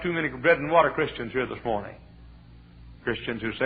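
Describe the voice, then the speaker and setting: A man's voice: mid-range voice, a little fast, pauses often, husky. A male pastor preaching a sermon with fervent, repetitive exhortations. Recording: tinny lo-fi sermon recording.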